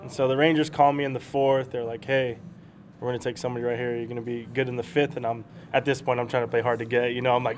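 A man's voice: medium pitch, little pitch movement, quick pace, slight background noise. A young man, a baseball prospect, telling rambling stories in a casual interview, laughing as he goes.

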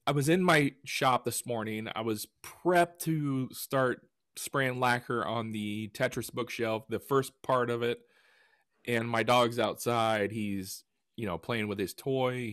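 A man co-hosting a podcast in casual chat, telling stories with lively retellings. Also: mid-range voice, measured pace, no room sound, studio quality. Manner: animated storyteller who acts out quotes. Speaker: podcast co-host and woodworker.

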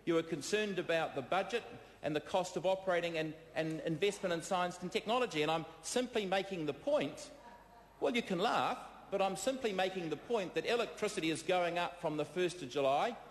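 A man with a New Zealand accent giving a parliamentary debate speech, combative and halting, with many fillers, repeated phrases and replies to hecklers. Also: sits high. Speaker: member of parliament. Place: debating chamber. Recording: echoey chamber with long reverb.

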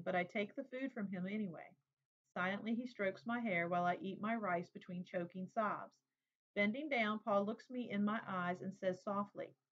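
A woman reading a memoir aloud in a steady, plain, unhurried way. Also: mid-range voice, a little hiss or hum. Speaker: reader. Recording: dull lo-fi recording.

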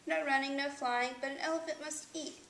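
A woman's voice: sits high, steady tone, brisk, a bit bright, reverberant, slight background noise. A woman voicing a silly male elephant with sore feet, with plaintive exclamations, in a storybook reading. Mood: earnest.

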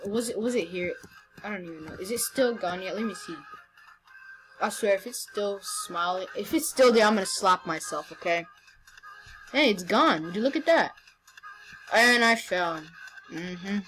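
A woman's voice: medium pitch, animated, normal speed, pauses often, a bit bright, faint music behind, low-quality recording. A young woman giving casual, teasing commentary while playing a game, often stumbling over her words. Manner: playful, teasing, stammering restarts. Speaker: gameplay commentator.

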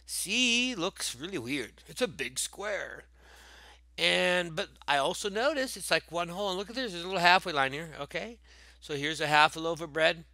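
A man's voice: on the high side, animated, moderate pace, gravelly, pushed and bright, dry recording. A male teacher casually walking through a math review, joking with the answer choices as he goes. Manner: playful, jokey, talks to the answer choices. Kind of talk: casual math lesson walkthrough.

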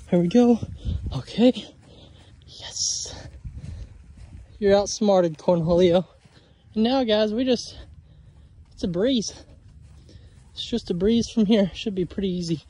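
A man's voice: high-pitched, a little mellow, slightly rough. A man vlogging outdoors on his homestead, joking, laughing and exasperated as he talks to his animals. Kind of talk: casual vlog narration to camera. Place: outdoors on a homestead, in and around a chicken coop.

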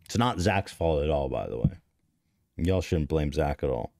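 Rumbling low and a bit creaky, this podcast host's voice is expressive and a little mellow, moving at a moderate pace; he's in his thirties. He rambles through a story for stream chat with swearing, self-deprecation, and frequent restarts, in studio quality without room sound.

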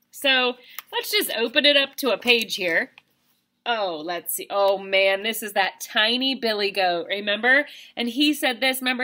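A woman teaching a reading lesson to kindergartners, speaking in an animated, enthusiastic way to small children. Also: on the high side, unhurried.

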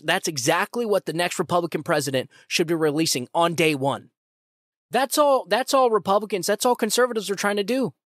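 A man's voice: sits high, a bit bright, dry recording, studio quality. A man hosting his own podcast, giving heated political commentary in an indignant, repetitive way and often calling his listeners "folks". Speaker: podcast host.

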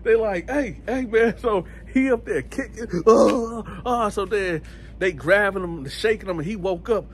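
Animated storytelling man, slightly high voice. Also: moderate pace, slight background noise. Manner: animated, acts out other people's voices. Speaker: channel host telling prison stories. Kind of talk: casual storytelling to camera.

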